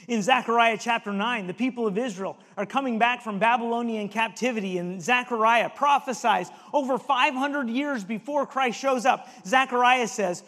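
A man's voice: extremely high pitch, moderate pace, hardly any pauses, bright, forceful tone, long reverb tail. A male preacher giving an emphatic sermon and reading scripture aloud.

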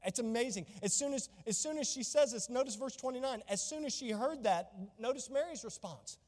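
A man's voice: very high-pitched, expressive, a little fast, a little mellow, big-room sound. A man preaching a sermon as pastor, fervent and exclamatory, reading and explaining scripture.

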